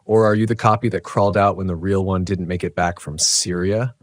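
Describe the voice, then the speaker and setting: Guy doing a creepy calm double of himself, soft gentle voice, real low. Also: a little fast, dry recording, natural voice. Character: calm eerie male doppelganger, patient and knowing.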